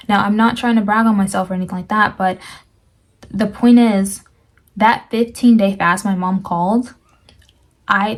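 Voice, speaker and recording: Earnest young woman, flat steady delivery. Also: medium pitch. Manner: earnest, urging, repeats phrases, many fillers. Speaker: Christian vlogger sharing testimony. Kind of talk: casual spoken testimony.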